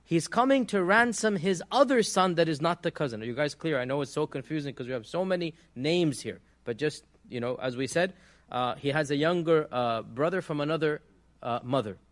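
Male religious teacher, fairly high voice, patient lecture delivery with frequent fillers and check-ins. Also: expressive, brisk. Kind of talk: classroom lecture.

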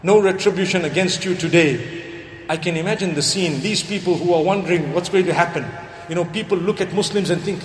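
A high-pitched man delivers a sermon, telling stories and weaving Arabic quotations and prayers into his talk. His voice rings through a large, echoey hall, with faint ambience behind him. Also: fairly quick, a little hiss or hum. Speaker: preacher.

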